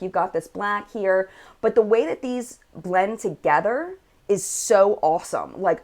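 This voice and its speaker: An American woman hosting a casual live chat, reading viewer comments aloud and showing makeup on camera. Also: medium pitch.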